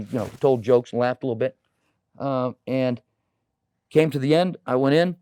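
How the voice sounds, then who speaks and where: In a local TV studio, a middle-aged political candidate from the United States answers interview questions with earnest emphasis, peppering his speech with "you know." His medium-pitched voice is darkish and clean, with no room sound.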